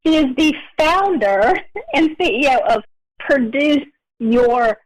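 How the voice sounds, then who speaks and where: A woman's voice: sits high, animated, slow pace, poor audio. A woman co-hosting a podcast, playful and laughing often in casual chat. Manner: giggly, playful. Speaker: podcast co-host.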